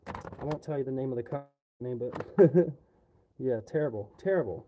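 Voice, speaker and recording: A man's voice: mid-range voice, moderate pace, warm tone, slight background noise. A man on a livestream, ranting casually in a rambling, profane way.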